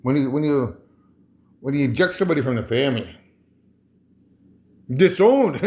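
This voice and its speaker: A man's voice: mid-range voice, animated, normal speed, long pauses, a little mellow. A man talking to camera in a rambling monologue, chuckling often and restarting his phrases. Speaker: vlogger.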